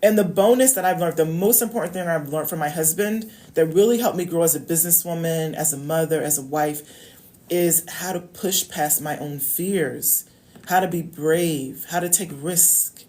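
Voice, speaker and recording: A woman coach speaks in a fairly low voice, with casual advice aimed straight at her viewers. She is chatty and personal, repeats her key points for emphasis and keeps checking in with "okay?". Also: normal speed, dark tone. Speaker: love coach. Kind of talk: casual direct-to-camera advice talk.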